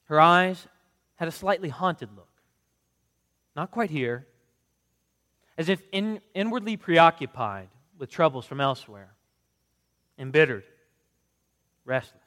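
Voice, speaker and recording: A man, a pastor, reading scripture and praying in an earnest, measured way, then reading from a book. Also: on the high side, expressive, fairly bright tone, long reverb tail. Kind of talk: sermon reading.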